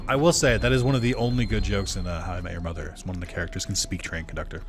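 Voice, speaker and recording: A man's voice: sits low, steady tone, rapid-fire, over music. A young man casually commenting on his gameplay, rambling and self-deprecating. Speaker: let's play creator.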